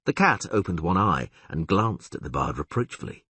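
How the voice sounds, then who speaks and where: Male narrator, low and husky, dry close read, lively delivery. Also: dry recording. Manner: low, measured storytelling. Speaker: audiobook narrator. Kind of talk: scripted narration.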